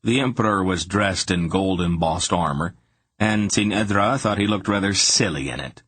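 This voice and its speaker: Brief: male fantasy audiobook narrator, low husky voice, steady expressive reading. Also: moderate pace, no room sound.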